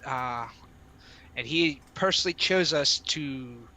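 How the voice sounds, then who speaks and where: A man's voice: mid-range voice, slow pace, sharp tone, slight background noise. A man playing a hesitant, polite adventurer envoy. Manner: hesitant, many uhs and restarts. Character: polite male adventurer envoy, diplomatic, eager.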